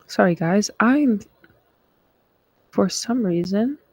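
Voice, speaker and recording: A woman with a gravelly, fry-laced voice talks slowly and loosely on her live stream, trailing off into fillers and restarts. The sound is dry and close, with no room around her. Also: medium pitch, expressive, darkish tone, no echo. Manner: frustrated, rambling, many fillers. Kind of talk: casual live stream chat.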